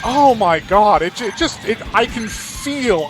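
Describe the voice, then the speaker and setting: High-voiced, exhausted man rambling over gameplay. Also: lively intonation, unhurried, over music. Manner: rambling, self-deprecating, wry. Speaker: let's play host. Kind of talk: gameplay commentary.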